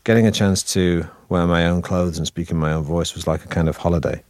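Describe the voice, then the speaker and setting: Deep-voiced Mancunian actor, wry and dry. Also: male voice, fairly even intonation, brisk, darkish tone, dry recording. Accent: Manchester. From Manchester, northern England. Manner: wry, self-deprecating, rambling with restarts. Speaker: actor guest. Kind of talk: relaxed interview chat.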